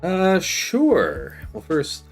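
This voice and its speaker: A man's voice: high-pitched, huge pitch swings, very slow, soft background music. A man hosting a live gaming stream, chatting casually with guests while he plays. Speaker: streamer host.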